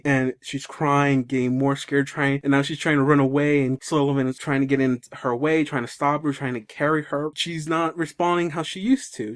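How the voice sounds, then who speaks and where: A man's voice: mid-range voice, steady tone, normal speed, few pauses. A man co-hosting a casual podcast, retelling a story in a rambling way with many restarts. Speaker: podcast co-host.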